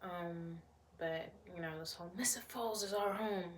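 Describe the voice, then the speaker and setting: A woman's voice: lowish voice, normal speed. A woman chatting casually as a vlogger reviewing a TV series, rambling and repeating phrases for emphasis. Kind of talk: casual chat.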